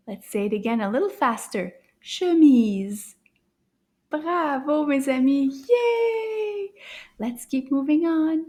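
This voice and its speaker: A woman teaching children's French lessons, cheerful and coaxing, who often drops into a hushed whisper to build suspense. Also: on the high side. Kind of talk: slow, encouraging kids' lesson.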